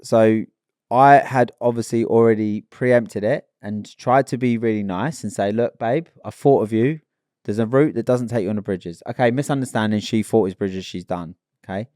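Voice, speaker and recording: A man co-hosting a podcast, chatting casually and telling a story in a lively, teasing way. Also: on the low side, normal speed, no room sound, clean studio sound. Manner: lively, teasing storyteller who acts out lines. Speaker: podcast co-host.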